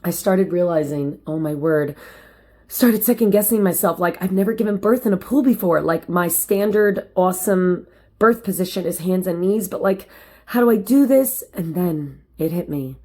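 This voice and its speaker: A woman vlogger with an alto voice tells a personal story at home, chatty and animated, speaking straight to her viewers. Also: moderate pace. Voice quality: low alto voice. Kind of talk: casual personal storytelling to camera. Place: at home, lit by window light.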